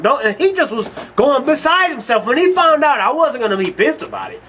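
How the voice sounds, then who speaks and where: Guy hosting his own show, ranting and cussing a lot, pretty high voice, bright and sharp. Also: wildly swooping pitch, brisk, few pauses, a little hiss or hum. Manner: heated, cursing, storytelling. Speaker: online show host. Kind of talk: profane ranting monologue.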